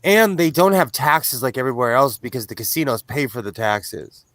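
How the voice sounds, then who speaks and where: A man from the United States chatting casually in a group discussion, playful and animated, sometimes dropping into a low put-on sexy voice. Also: moderate pace, no room sound. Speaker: panelist.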